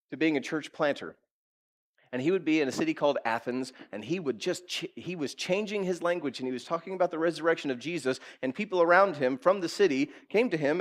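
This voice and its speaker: A male pastor preaching a sermon in a lively, conversational way, asking his listeners direct questions and acting out quotes. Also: a little high. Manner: animated preaching, acts out quotes.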